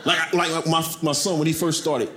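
A middle-aged man doing stand-up, telling animated stories about his kids and acting them out in high voices. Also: fairly quick. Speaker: stand-up comedian. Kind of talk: stand-up comedy routine. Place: comedy club stage. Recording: echoey club with loud crowd noise.

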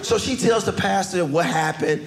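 A man doing stand-up, acting out both sides of a quarrel with big jumps up in pitch. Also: normal speed, gravelly, some chatter behind. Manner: acts out both sides of an argument, jumping high in pitch. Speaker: stand-up comedian. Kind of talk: stand-up storytelling. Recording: echoey room with loud background noise.

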